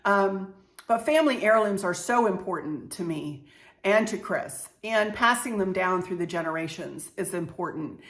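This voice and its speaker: A woman's voice: medium pitch, animated, moderate pace, fairly bright tone. Chatty woman in her sixties, echoey room. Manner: chatty, gushing, frequent "you know" and "cute". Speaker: home decor vlogger. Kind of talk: casual show-and-tell vlog.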